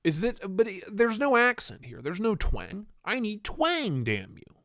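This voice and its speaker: A man's voice: high voice, huge pitch swings, a little slow, bright, forceful tone, no echo, clean studio sound. A man hosting a casual livestream, joking and reading chat aloud in a playful way. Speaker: livestream host.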